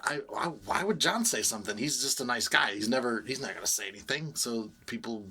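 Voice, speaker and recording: A man's voice: medium pitch, lively intonation, a little fast, a crowd in the background. A middle-aged man on a podcast, casually telling a heated personal story with lots of swearing. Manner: storytelling, swearing, laughs often. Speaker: podcast co-host.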